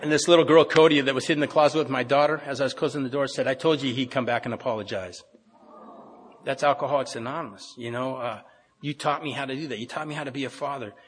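A man's voice: mid-range voice, steady tone, racing, slight background noise. A middle-aged man giving an earnest, rambling personal recovery talk at a meeting, with many restarts. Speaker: AA speaker. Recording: long hall reverb.

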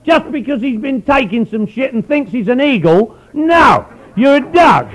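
A man voicing a blunt, confrontational man who shouts his point insistently. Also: very high-pitched, expressive, fairly quick, voice pushed up, rough recording. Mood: shouting.

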